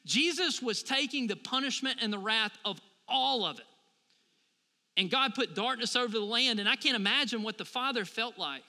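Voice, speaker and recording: A man's voice: very high voice, lively intonation, moderate pace, sharp tone, in a large hall. A man in his thirties preaching a sermon as a pastor, talking conversationally and asking the congregation for responses.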